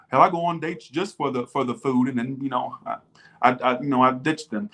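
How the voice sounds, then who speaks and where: A man's voice: medium pitch, fairly even intonation, a little fast, sharp tone. A man giving a casual tarot reading to viewers, blunt and profane, who often slips into mock replies from imagined viewers. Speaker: tarot reader.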